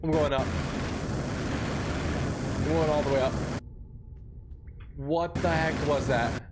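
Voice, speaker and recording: A young man giving excitable live commentary while playing a video game, yelping when startled. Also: a little high, takes it slowly. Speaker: gaming streamer. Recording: loud game noise behind voice. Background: game sound effects.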